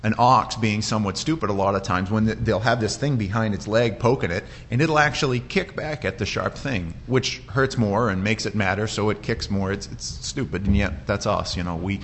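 A man's voice: fairly low pitch, normal speed, hardly any pauses, a little hiss or hum. Man preaching a conversational sermon. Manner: conversational, with frequent restarts and animated quoted voices. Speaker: pastor. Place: church.

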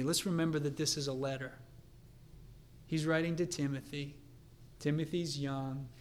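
A man preaching a sermon in an earnest way, dropping to a quiet, confiding tone and then building to a fervent pitch. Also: steady tone, moderate pace, long pauses. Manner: earnest, swings from hushed to fervent.

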